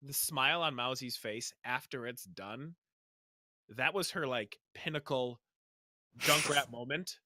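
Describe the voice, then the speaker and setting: Excitable bright-voiced podcast guy. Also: mid-range voice, unhurried. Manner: excitable, stammering restarts. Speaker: podcast co-host and player. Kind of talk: casual podcast chat.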